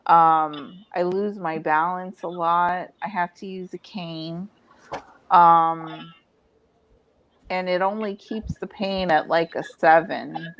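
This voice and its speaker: A woman's voice: fairly low pitch, steady tone, takes it slowly, dull audio. A woman in casual chat among friends, speaking candidly and matter-of-factly. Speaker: channel host.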